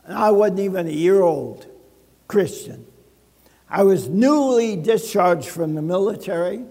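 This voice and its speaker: An older man preaches slowly, drawing out his words with dramatic pauses and a wry, joking storytelling manner. His voice sits high for a man. The sound carries a long reverb from a church sanctuary. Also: a little mellow. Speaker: pastor. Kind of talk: sermon.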